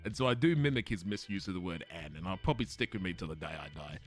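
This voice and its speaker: Lively Australian man chatting to his stream. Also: low voice, fast, soft background music. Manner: chatty, swearing, laughing at himself. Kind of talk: casual chat with stream viewers.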